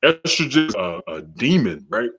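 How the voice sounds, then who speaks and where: A young man with a slight New York accent, hosting a casual live-stream podcast, slangy and hyped, shouting out viewers in the chat. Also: medium pitch, very animated, normal speed, slightly rough. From Charlotte, North Carolina. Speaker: podcast host.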